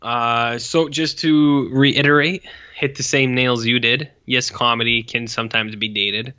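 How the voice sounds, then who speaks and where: A man's voice: medium pitch, fairly even intonation, unhurried, pushed and bright, smooth, dull audio. A man in his forties co-hosting a podcast, chatting casually about an old film with rambling, profane asides and lots of fillers. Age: 40s. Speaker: podcast co-host. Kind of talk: casual film review chat.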